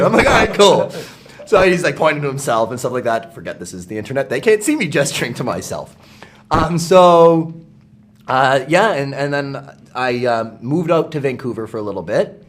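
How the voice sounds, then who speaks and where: A man who works as a voice actor, talking casually at a fan convention, animated, laughing often and acting out the people he quotes. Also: on the high side, fairly quick. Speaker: voice actor guest. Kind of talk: casual storytelling interview.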